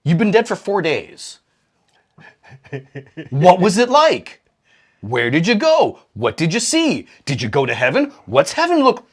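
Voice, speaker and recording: A man's voice: measured pace, long pauses, husky. A man co-hosting a comedy podcast, retelling old stories in a profane, irreverent way and jumping into quoted voices. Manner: profane, animated, acts out quoted characters with big pitch jumps. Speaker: podcast co-host.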